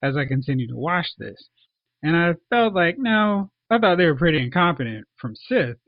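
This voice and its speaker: A fairly high-voiced man in casual podcast chat, jumping into playful character bits as he talks. The sound is dry and a bit dull, like a lo-fi home recording. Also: no room sound. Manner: animated, acts out characters in quick asides. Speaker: podcast co-host. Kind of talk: casual movie review chat.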